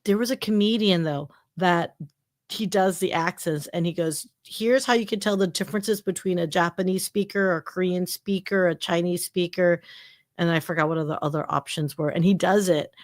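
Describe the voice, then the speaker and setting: A woman co-hosting a casual podcast, talking in a chatty, animated way with lots of fillers. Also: fairly low pitch, normal speed, dry recording, studio quality. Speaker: podcast co-host. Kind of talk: casual chat.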